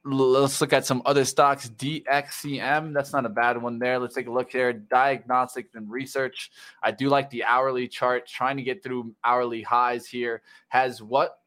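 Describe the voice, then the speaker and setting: A man's voice: medium pitch, normal speed. A man hosting a live stock market show, walking through charts and pumping up viewers to like the stream. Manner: energetic, pumps up viewers.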